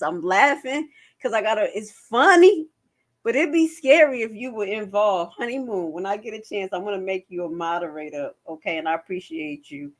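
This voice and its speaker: A woman hosting her own livestream, chatting casually and reacting to news with slang and frequent laughter. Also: mid-range voice. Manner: animated, slangy, laughs often. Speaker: livestream host.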